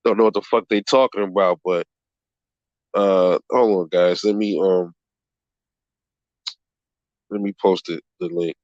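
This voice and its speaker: A man's voice: low-pitched, fairly even intonation, a little mellow, no room sound, dull audio. Profane, rambling man hosting a boxing stream. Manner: profane, rambling, quick to laugh; calls viewers bro and man. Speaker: boxing channel host. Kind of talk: casual livestream chat reading comments.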